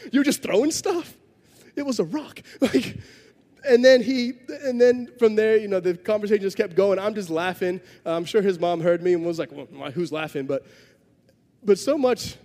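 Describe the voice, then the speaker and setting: A man's voice: high voice, mellow, long reverb tail. A man preaching a sermon, telling a story in a conversational way with self-deprecating humor. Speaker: pastor.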